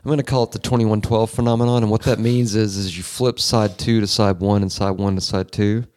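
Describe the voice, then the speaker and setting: A man with a drawl chats casually on a podcast. He jokes loosely and swears freely, in a fairly low voice. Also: steady tone, brisk, a little mellow, no room sound. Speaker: podcast co-host. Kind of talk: casual chat.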